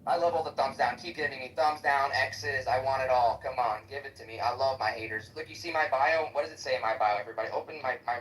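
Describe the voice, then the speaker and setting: A man rants in a heated live debate, swearing freely and combative throughout. His delivery is quick and his tone bright and sharp. He sounds distant and echoey, as on a livestream. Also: mid-range voice, a little hiss or hum. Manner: profane, combative ranting. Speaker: debater in a live app chat room.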